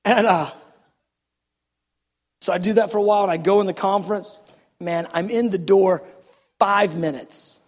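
High-voiced male preacher in an echoey hall. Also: moderate pace, pauses often. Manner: animated, self-deprecating storytelling. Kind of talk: sermon storytelling.

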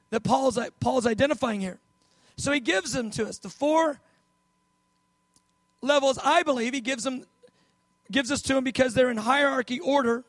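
A man with a strikingly high voice preaches a sermon, telling stories in an easy conversational way. He leans into key words by slowing right down. The sound is close and dry, with no room echo. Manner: conversational storytelling, emphatic slow stresses.

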